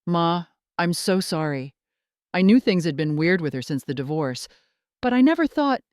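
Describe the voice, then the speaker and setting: A woman's voice: on the low side, expressive, normal speed, darkish tone, no room sound, clean studio sound, close to an everyday voice. A woman playing a worried grown son. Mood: sorry. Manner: panicked, apologetic. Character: panicked adult son, gentle and worried.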